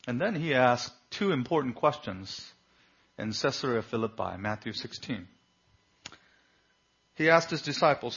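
A man preaching a sermon, reading scripture and swinging between hushed and loud, fervent delivery. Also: medium pitch, animated, moderate pace, long pauses, husky. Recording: dull lo-fi recording.

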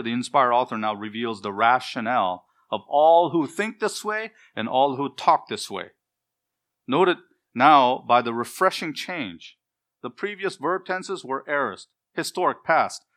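A man's voice: mid-range voice, a bit bright. A middle-aged man preaching an expository sermon, earnest and emphatic, building his points in repeated lists.

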